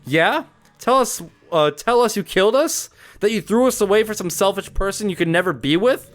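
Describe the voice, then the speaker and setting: A man's voice: high-pitched, animated, moderate pace, pitched above the performer's own voice. A man reading aloud as a furious young woman, accusing and harsh. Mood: angry. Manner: angry, accusing. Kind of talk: reading a visual novel aloud.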